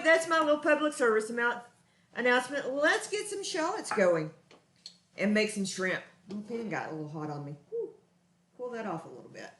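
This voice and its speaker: A Texan woman hosts a live cooking stream from her own home kitchen, her voice a little high with some reverb. She chats in an earnest, folksy way.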